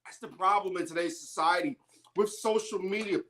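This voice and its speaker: A woman's voice: fairly low pitch, a little fast, fairly bright tone. A woman hosting an independent sports show, delivering a heated, emphatic opinion monologue.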